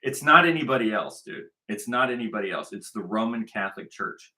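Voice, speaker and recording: A man's voice: fairly low pitch, lively intonation, fairly quick, sharp tone. A man hosting a commentary show, ranting angrily and profanely, often repeating himself as he talks over played clips. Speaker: commentary host.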